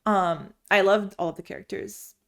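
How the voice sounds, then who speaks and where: A woman's voice: medium pitch, fairly even intonation, normal speed, gravelly, fairly bright tone. A young woman reviewing her monthly reading in a casual vlog, gushing and chatty, often restarting her sentences. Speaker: book vlogger. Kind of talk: casual book review chat. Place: home room lit by sun.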